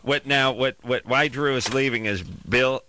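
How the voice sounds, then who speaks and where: A man's voice: mid-range voice, unhurried, pushed and bright, slight background noise. A man hosting a late-night radio call-in show, talking loosely with dry asides and fillers. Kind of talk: casual radio talk show chat.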